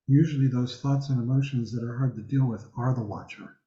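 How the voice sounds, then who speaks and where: A man leading a group discussion over a video call, speaking in a measured, emphatic way. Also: mid-range voice, steady tone, warm tone. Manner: measured, emphatic, slows on key words. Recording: echoey, dull video-call audio.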